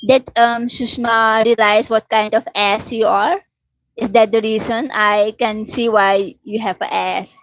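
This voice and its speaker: A woman's voice: a little high, fairly even intonation, unhurried, no echo. Chatty woman from Suriname, dull dry audio. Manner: chatty, answers comments, teasing. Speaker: livestream host chatting with viewers. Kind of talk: casual live chat. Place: home in Delhi.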